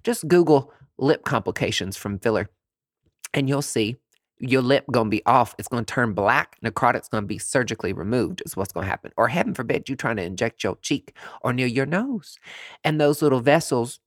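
A man's voice: mid-range voice, lively intonation, fairly quick, no room sound, clean studio sound. A man who works as a nurse injector, ranting to camera in a sassy, profane, dramatic way.

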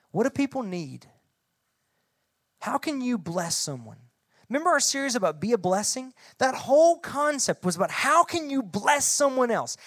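Lively young woman youth pastor preaching. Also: fairly high pitch, no echo, clean studio sound. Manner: animated, conversational, asks the audience questions. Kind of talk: sermon to middle schoolers.

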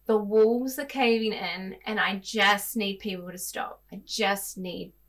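A woman speaking openly and casually in a heartfelt conversation, often acting out her own inner voice with sudden louder bursts. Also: medium pitch, fairly even intonation, unhurried.

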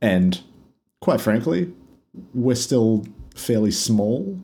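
A man's voice: medium pitch, sing-song, extremely slow, warm tone. A man co-hosting a podcast, laid-back, answering with short replies and chuckles. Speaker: podcast co-host. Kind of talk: casual chat.

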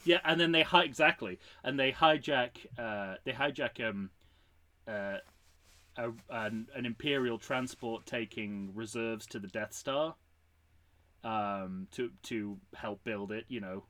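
A man co-hosting a casual podcast, telling a story pitch with animated energy and acting out the lines. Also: measured pace. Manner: animated storyteller, acts out quotes. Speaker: podcast co-host.

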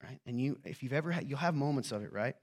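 A man's voice: mid-range voice, animated, quick pace, darkish tone. Chatty male pastor preaching casually. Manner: chatty, joking, keeps asking "right?". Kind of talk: conversational sermon.

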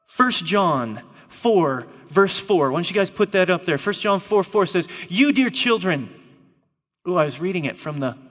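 A man preaching a lively sermon to a congregation, playful and emphatic, joking with volunteers. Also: high-pitched, moderate pace, hardly any pauses. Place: church hall before a congregation. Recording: long reverb of a large hall.

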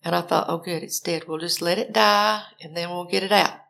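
A woman's voice: lowish voice, fairly even intonation, fairly quick, gravelly, a bit bright. An older woman from Alabama, telling a personal story and animatedly acting out her own panicked phone calls.

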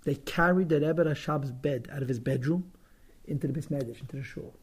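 A man's voice: a little high, fairly quick, crowd noise. A man teaching through a story, dramatic and emotional, often repeating words and acting out quotes with feeling. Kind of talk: storytelling lesson.

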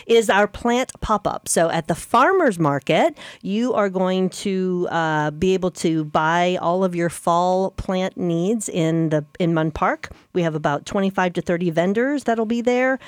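Chatty woman hosting, low voice. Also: no room sound. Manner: chatty, self-correcting, laughs easily. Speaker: radio show host. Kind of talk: casual radio chat.

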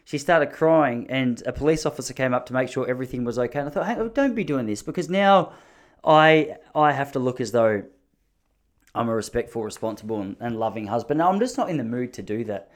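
A man's voice: medium pitch, expressive, brisk. A man in his thirties telling rambling, joking stories in a casual monologue, often mocking himself.

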